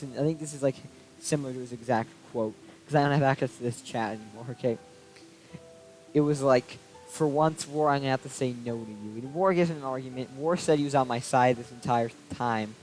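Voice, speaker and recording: A man's voice: mid-range voice, fairly quick, rough recording. A young man vlogging a casual storytime rant, aggrieved and swearing freely as he recounts a falling-out. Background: soft background music.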